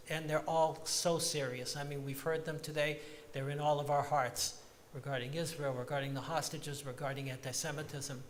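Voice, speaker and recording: A man giving a reflective talk to his congregation in a synagogue, slowing down to stress sung phrases. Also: a little high, long reverb tail, slight background noise. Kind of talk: sermon-like reflection. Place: large synagogue sanctuary.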